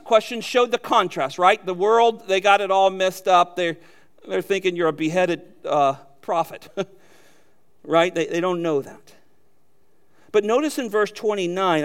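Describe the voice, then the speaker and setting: Male pastor, high voice, emphatic sermon delivery with direct rhetorical questions. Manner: emphatic preaching, rising to loud peaks.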